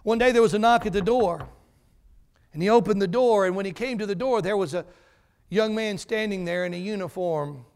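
A male pastor preaching in a church, telling a story with drama before moving into prayer. His voice sits fairly high for a man and has a noticeable gravelly creak. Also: a little fast, a little mellow. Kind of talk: sermon.

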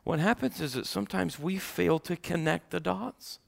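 A middle-aged male pastor preaching a sermon, swinging from loud preaching to quiet storytelling. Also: high voice, moderate pace, gravelly.

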